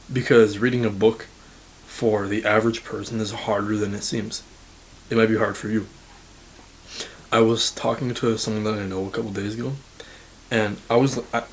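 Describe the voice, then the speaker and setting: 18 yr old canadian guy, lowish voice, blunt self-improvement rant w/ lots of "like", bit of faint noise behind. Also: rough recording. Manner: blunt and casual, swears freely, fillers like "like". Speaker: university student giving self-improvement advice. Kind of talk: motivational talk to camera.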